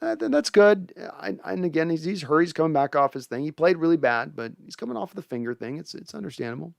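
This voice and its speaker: A man's voice: on the high side, big pitch swings, fast talker, creaky, dry recording. A young man hosting a casual sports fan show, reading viewer comments and giving opinionated takes with frequent restarts.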